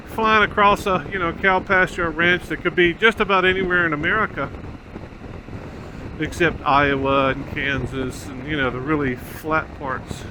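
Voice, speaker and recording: A man's voice: a little high, noisy background. A man riding a motorcycle outdoors on a country road, talking through a helmet mic in rambling, casual commentary with many fillers. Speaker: motorcycle vlogger. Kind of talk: casual ride-along commentary.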